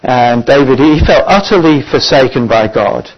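A man's voice: mid-range voice, animated, husky. Earnest preacher man, muffled recording. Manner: earnest, pausing with frequent "uh" fillers. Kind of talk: sermon. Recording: dull lo-fi recording.

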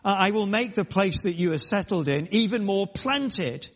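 A man preaching a sermon, emphatic and repetitive, speaking in short, pausing phrases. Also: high voice, animated, big-room sound.

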